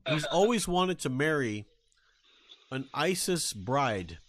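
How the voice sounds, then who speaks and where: A man hosting a podcast, talking casually in a halting way with crude jokes, and reading a news story aloud. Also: fairly high pitch, sing-song, a bit bright, a little hiss or hum. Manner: halting, many fillers and restarts, crude jokes. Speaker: podcast host.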